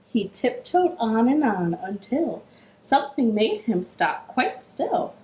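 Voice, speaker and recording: A woman hosting a children's storytime, reading a story aloud and cheering the kids on in an animated, encouraging way. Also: a little high, takes it slowly, slight background noise. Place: living room. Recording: echoey living room.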